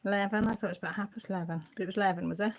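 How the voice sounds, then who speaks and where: A woman's voice: medium pitch, steady tone, very fast. A middle-aged woman, hosting a casual livestream and chatting and teasing as she answers viewer comments. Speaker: channel host.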